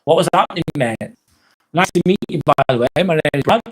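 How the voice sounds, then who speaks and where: A man's voice: fairly high pitch, animated, fast, breathy edge. A man hosting a live vlog, casually chatting, reading out viewer comments, swearing and laughing now and then. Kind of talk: casual live-stream chat.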